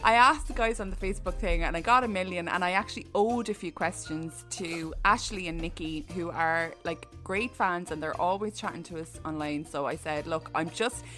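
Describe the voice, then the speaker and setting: A woman's voice: on the low side, moderate pace, hardly any pauses, sharp tone, faint music behind. An Irish woman co-hosting a podcast, reading listener questions in brash, joking casual chat. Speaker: podcast co-host.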